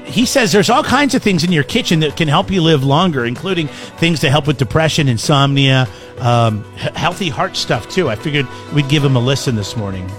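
A man's voice: fairly high pitch, animated, a little fast, a bit bright, faint music behind. A man co-hosting a morning radio show, chatting casually and introducing clips.

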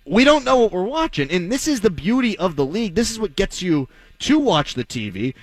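Blunt, lively male sports radio host. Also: sits high, brisk, no echo. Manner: blunt, sarcastic, argumentative. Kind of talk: opinionated sports talk radio monologue.

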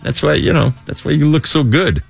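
A man with a Chicago accent co-hosting a radio show, trading loud jokey banter and laughing often. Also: a little high, very animated, brisk, gravelly, soft background music. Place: radio studio.

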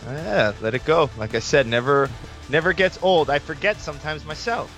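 A man co-hosting a sports podcast, a kickboxing coach telling stories in an animated, casual way. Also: fairly high pitch, moderate pace, faint music behind. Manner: animated storyteller, yells when excited.

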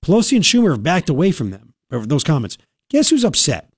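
A man hosting a talk radio program, his voice a bit higher than most men's. He rants with biting sarcasm and indignation. The studio mic sounds close and dry, with no room around it. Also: wildly swooping pitch, brisk, slightly rough, no echo. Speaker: radio talk show host. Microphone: studio microphone.

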